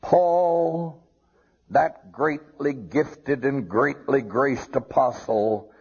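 A man's voice: mid-range voice, extremely slow, darkish tone, slightly rough. A man preaching a sermon, quoting scripture and rising to emphatic peaks. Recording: dull lo-fi recording.

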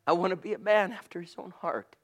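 A man preaching a sermon with passion, swinging from loud calls to hushed asides. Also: high voice, fast.

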